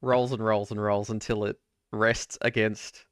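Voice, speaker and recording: A man running a tabletop game as game master, narrating in a relaxed, easygoing way with filler words. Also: on the low side, unhurried, smooth, dry recording, studio quality.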